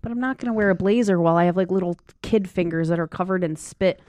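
A woman's voice: fairly low pitch, quick pace, darkish tone, dry recording. A young woman chatting casually, telling stories and acting out kids' voices in quotes. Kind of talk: casual chat.

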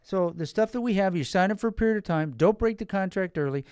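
Folksy man pitching financial products. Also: fast, a little mellow, clean tone, no room sound, studio quality. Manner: folksy, repeats points, talks directly to listeners; stresses key words for emphasis. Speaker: financial advisor. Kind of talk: informal sales explanation.

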